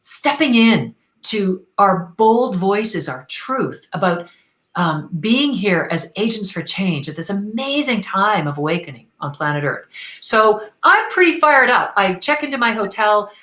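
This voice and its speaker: A woman from Canada, a guest on an interview show, telling a personal story in an enthusiastic, expressive, spiritual way. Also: medium pitch, a little slow, reverberant, rough recording.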